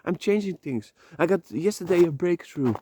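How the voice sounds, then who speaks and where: A man's voice: high-pitched, lively intonation, moderate pace, mellow, no room sound. A man from the Netherlands, walking outdoors and talking into his phone in a rambling, heartfelt monologue, swearing casually as he goes. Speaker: vlogger. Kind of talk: emotional motivational monologue. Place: outdoors, walking on a slippery path.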